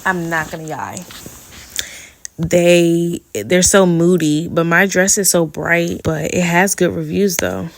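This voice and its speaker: A woman's voice: lowish voice, fairly even intonation, slow, creaky, few pauses, no echo. Chatty young woman, dry close mic. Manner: chatty, laughing, playful slang asides. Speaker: podcast host. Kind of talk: casual solo podcast chat.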